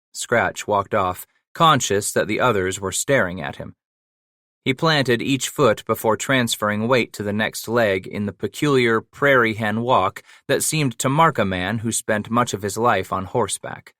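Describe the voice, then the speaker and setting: Male audiobook narrator, low voice, measured steady reading, dry close sound. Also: no room sound. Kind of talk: scripted narration.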